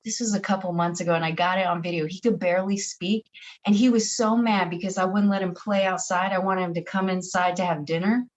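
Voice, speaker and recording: A woman's voice: lowish voice, steady tone, a little fast. A woman who teaches shadow work, speaking as a podcast guest over a video call. She talks in a reflective, earnest way and uses a lot of "like". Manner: reflective, earnest, many filler "like"s. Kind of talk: casual interview chat. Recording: dull lo-fi video call audio.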